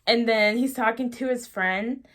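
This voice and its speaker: A young woman chatting excitedly about books she loves for her vlog audience. Her voice is bright and a touch high. She gushes, giggles and fills every sentence with "like" and "oh my gosh". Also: measured pace. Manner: gushing, giggly, heavy use of "like". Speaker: book vlogger. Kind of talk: casual book review vlog.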